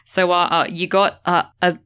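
A man's voice: high voice, flat delivery, normal speed, bright, forceful tone, clean tone, dry recording. A man co-hosting a podcast in casual chat, joking around and playing quiz master. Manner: joking, plays quiz-show host. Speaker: podcast co-host.

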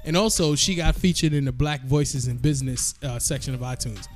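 A man's voice: mid-range voice, a little fast, soft background music. A man from Guyana co-hosting a podcast, bantering casually with slang and frequent laughter. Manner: joking, laughs often, slangy. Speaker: podcast co-host.

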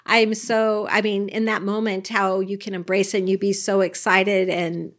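A woman's voice: medium pitch, little pitch movement, normal speed. Woman co-host in casual chat. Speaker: podcast co-host.

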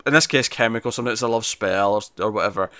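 A man co-hosting a podcast, chatting casually about a TV episode in an animated, rambling way and breaking into quick impressions. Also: lowish voice, smooth, dry recording. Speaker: podcast co-host. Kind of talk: casual chat reviewing a TV episode.

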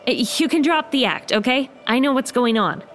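An actress playing an earnest, exasperated young woman trapped in a magic bag, quick to protest. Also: sits high, animated, soft background music.

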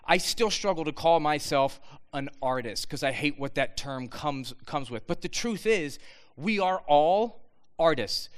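A man giving an earnest, animated talk to students, with frequent restarts. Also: a little high. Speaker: speaker addressing students.

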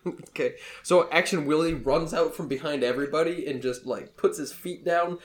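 A man's voice: fairly high pitch, moderate pace. A man narrating a tabletop game as game master in a casual, rambling way. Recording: echoey room with faint hum.

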